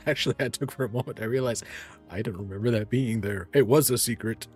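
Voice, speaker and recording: A man's voice: medium pitch, brisk, a little mellow, husky. A man streaming a game, musing aloud in a rambling way and correcting himself as he goes. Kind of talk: casual gameplay streaming. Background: faint game music.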